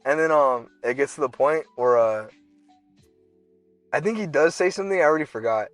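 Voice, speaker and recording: Brisk and animated, this young co-host's slightly high voice carries a long, slangy story on a casual podcast chat, with characters acted out in bursts. The recording is dry of room sound, and faint music plays behind him.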